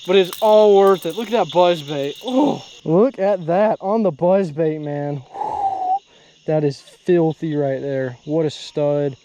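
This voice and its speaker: A young man vlogs from a boat during a night fishing trip, exclaiming excitedly and breaking into whoops. His voice is a little high and slow-paced, with some hiss or hum on the audio. Crickets and other insects fill the nighttime background.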